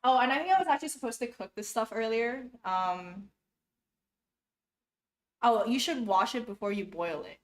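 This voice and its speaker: A woman's voice: a little high, animated, moderate pace, long pauses. Chatty, giggly young woman in an echoey kitchen. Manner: chatty and flustered, giggles and talks to herself. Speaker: YouTuber cooking for viewers. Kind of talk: casual cooking vlog. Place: home kitchen. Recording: roomy kitchen echo, faint noise.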